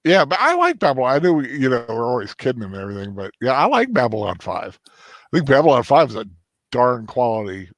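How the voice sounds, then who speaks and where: Halting, lively-voiced male host. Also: medium pitch, no room sound. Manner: halting, full of restarts. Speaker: host of a fan stream show. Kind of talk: casual chat.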